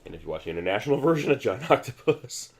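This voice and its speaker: A man's voice: medium pitch, big pitch swings, fast, husky. A man hosting a casual movie commentary, rambling with many restarts and fillers. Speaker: film commentary host.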